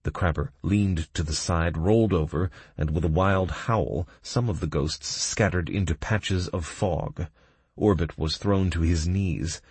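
A man with a deep, husky voice reads a first-person fantasy game audiobook. He tells the battle at a steady pace, and his dry, close sound has no room around it. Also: unhurried, no room sound. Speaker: audiobook narrator.

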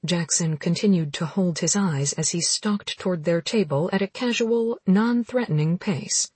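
A woman narrating a romance audiobook with steady, even storytelling, recorded close. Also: lowish voice, normal speed, breathy edge, dry recording.

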